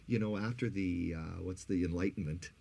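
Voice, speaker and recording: A man co-hosting a podcast in casual chat, animated and teasing. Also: sits low, measured pace, creaky, husky. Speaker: podcast co-host.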